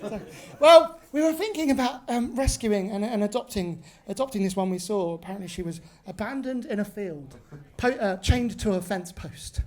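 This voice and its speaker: A woman voicing a smug pet owner chatting about buying a dog, with ums and pauses. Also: medium pitch, expressive, darkish tone, lightly acted.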